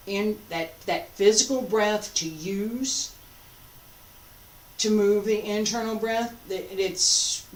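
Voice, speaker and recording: A woman teaching a qigong class, calmly giving breathing and movement cues. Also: medium pitch. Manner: calm, guiding cues paced to breathing. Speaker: qigong instructor. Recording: echoey room, distant mic, faint noise.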